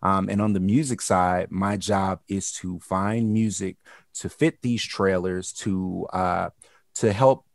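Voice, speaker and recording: A man explains his job in a relaxed, casual way. His voice is very low with a gravelly edge, and the sound is close and dry. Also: slow, no room sound. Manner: relaxed, reacts with exclamations. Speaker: music supervisor guest. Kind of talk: casual interview answer.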